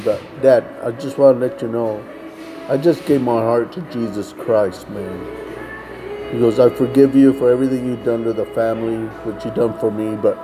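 A man's voice: medium pitch, poor audio. A man telling a personal story in casual testimony style, acting out the dialogue of others and saying "man" often. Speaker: storyteller recounting street ministry.

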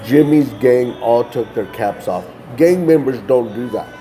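A man's voice: medium pitch, animated, measured pace, warm tone, soft background music. A man casually telling a personal testimony, loose and conversational, often tossing in "man" and restarting phrases. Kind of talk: casual storytelling.

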